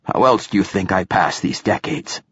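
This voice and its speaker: A man voicing a very old, raspy male poet who talks gruffly and swears, in an audiobook. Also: low-pitched, normal speed, a bit bright, no room sound, studio quality. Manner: profane and gruff. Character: raspy ancient male poet, crude and forceful.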